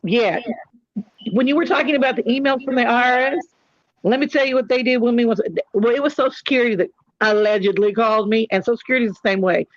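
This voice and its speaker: A woman's voice: fairly high pitch, fast talker, no room sound, highs cut off. Chatty middle-aged woman, dry sound. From California. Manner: candid storytelling, joking asides. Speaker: host. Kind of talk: casual chat.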